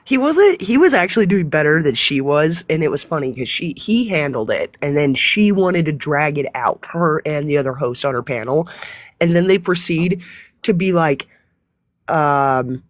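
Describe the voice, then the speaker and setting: A woman's voice: low voice, moderate pace, no room sound. A woman hosting a live stream in casual chat, telling stories with frequent swearing and laughter. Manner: profane, laughing, animated storytelling.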